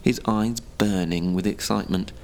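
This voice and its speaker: A man narrating a written story in a measured, expressive storytelling manner. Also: lowish voice, slight background noise.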